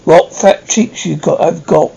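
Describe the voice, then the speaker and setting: A man voicing a threatening, rough escaped convict in a read-aloud story. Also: a little high, measured pace, mellow, muffled recording, heavily acted. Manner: threatening, gruff commands.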